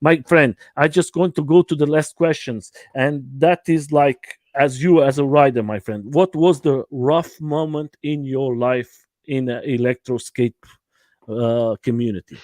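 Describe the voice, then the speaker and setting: Halting man hosting a livestream from home. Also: mid-range voice, a little mellow, no echo. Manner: halting non-native English, many fillers and restarts. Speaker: livestream host. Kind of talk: casual livestream interview talk.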